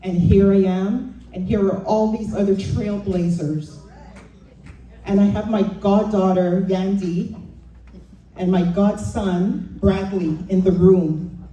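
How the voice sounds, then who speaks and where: Casting note: woman, slow, warm-toned acceptance speech, heard from a distance in a reverberant hall. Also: medium pitch, steady tone, muffled recording. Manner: grateful, heartfelt and measured. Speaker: award recipient giving acceptance speech. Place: event hall. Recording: echoey hall, distant mic, faint ambience.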